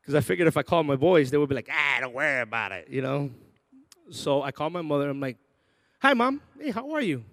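A man preaching a sermon built around a personal story, swinging between loud bursts and quiet, intimate asides, and acting out the voices of people in his story. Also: fairly high pitch, dry recording.

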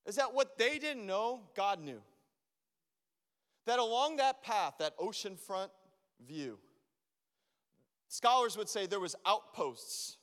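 A man preaching a sermon as a pastor, animated and acting out his own prayers to God. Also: high voice. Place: church. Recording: long reverb of a church hall.

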